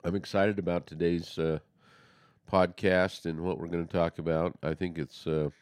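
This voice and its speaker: Earnest deep-voiced man, halting. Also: little pitch movement, a little mellow, clear, resonant tone, no room sound, studio quality. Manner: earnest, halting with many restarts. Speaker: podcast co-host. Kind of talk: casual religious discussion.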